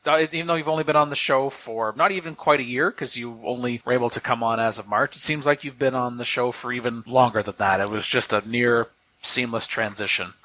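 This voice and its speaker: A man's voice: mid-range voice, steady tone, fairly quick, pushed and bright, no echo. A man hosting a podcast, paying earnest, rambling tribute to his co-hosts with playful teasing. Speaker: podcast host. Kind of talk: casual chat, heartfelt farewell tribute.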